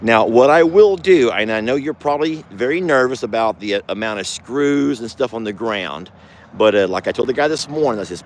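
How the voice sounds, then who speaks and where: A man's voice: lively intonation, a little fast, a little hiss or hum. A man hosting a casual farm vlog, sweet-talking his animals. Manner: coos at animals in sweet, high baby talk. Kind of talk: casual chat.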